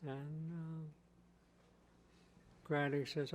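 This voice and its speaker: A man's voice: on the high side, little pitch movement. A man, a tribal chief giving a keynote, telling a traditional story in plain, repetitive phrasing. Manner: slow, repetitive, plain-spoken.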